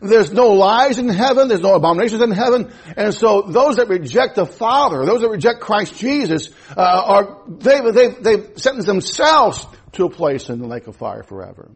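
A man's voice: high-pitched, big pitch swings, moderate pace, few pauses, husky. A man in his fifties preaching a sermon as pastor, emphatic, repeating his phrases and restarting. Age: 50s.

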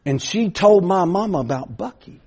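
A middle-aged preacher tells a folksy story from the pulpit. His husky voice sits a bit high and swings widely in pitch. He circles back with repeated starts, then pushes hard on his points. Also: animated, normal speed, a little mellow. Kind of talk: sermon storytelling.

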